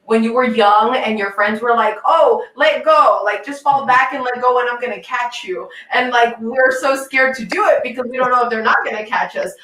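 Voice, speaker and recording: A woman hosting an interview, warmly affirming her guest with enthusiasm. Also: fairly high pitch, far from the mic. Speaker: host. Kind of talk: casual interview talk. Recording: roomy, set back from the mic.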